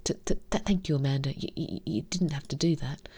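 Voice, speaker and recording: A woman's voice: low-pitched, fairly quick, mellow, husky. Woman reading as a shy, stammering teenage boy. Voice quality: stuttering.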